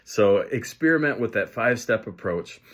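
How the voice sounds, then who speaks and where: A man's voice: fairly low pitch, animated, moderate pace, fairly bright tone. Man explaining with acted examples. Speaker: educator. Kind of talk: teaching video to camera.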